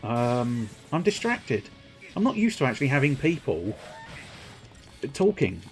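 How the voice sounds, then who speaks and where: Very animated but a little slow, a man speaks at a medium pitch over soft background music. As he streams a game, he banters casually with viewers, rambles, makes fun of himself, and drops into silly voices.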